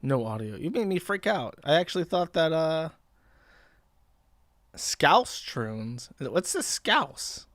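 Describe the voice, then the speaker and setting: A man's voice: fairly high pitch, big pitch swings, slow, fairly bright tone, dry recording. Sarcastic, profane male livestream host. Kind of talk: casual commentary reading posts aloud.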